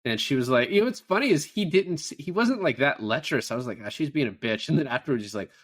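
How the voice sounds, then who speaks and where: A male podcast co-host with a voice on the high side, a bit bright, speaks fast and very animatedly while chatting casually about a movie. He swears freely and acts out lines from scenes in this film-review conversation.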